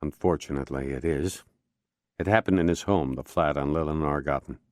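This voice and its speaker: A male narrator voicing a weary, restrained police inspector in his own deep voice. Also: brisk, a little mellow, no echo, studio quality. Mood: tense. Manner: restrained, tense.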